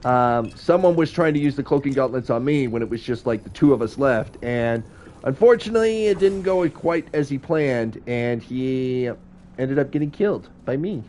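A man's voice: mid-range voice, animated, normal speed, darkish tone, a little hiss or hum. Chatty man with a stuffy voice. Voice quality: slightly stuffy sound. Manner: chatty, self-deprecating, frustrated outbursts. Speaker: gaming YouTuber. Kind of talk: casual let's-play commentary. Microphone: streaming from a game console.

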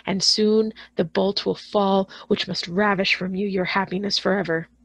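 A wretched, vengeful male creature, as a woman reader puts him on speaks in a smothered, low rasp, slow and menacing, at times sinking to a whisper. The gravelly texture holds throughout, and the sound is dry and close with no room around it. It feels like a gothic storybook read aloud. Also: dry recording, full character voice. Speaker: school librarian.

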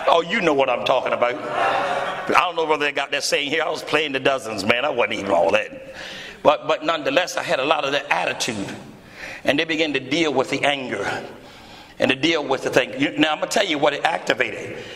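A male pastor preaching to a congregation, telling a story in a lively, theatrical way and acting out the dialogue. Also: fairly quick. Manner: animated, acts out dialogue with big pitch swings. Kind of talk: storytelling sermon. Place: church hall before a congregation. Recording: echoey church hall.

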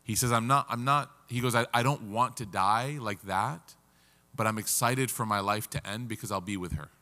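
Guy teaching, kinda low voice, earnest and halting, big hall reverb. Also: sharp tone. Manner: earnest, halting with restarts, voice breaking with emotion. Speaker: religious teacher. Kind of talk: emotional storytelling lecture. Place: community center hall.

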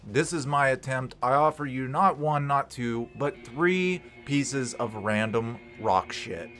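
A man's voice: mid-range voice, slow pace, a bit bright, faint music behind. A man hosting a rock-history vlog in a casual, jokey, irreverent way, swearing freely as he talks. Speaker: channel host.

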